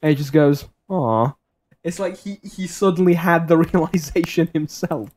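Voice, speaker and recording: A man's voice: a little high, steady tone, normal speed, a little mellow. Rambling young man telling a story. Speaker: streamer. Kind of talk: casual chat while gaming.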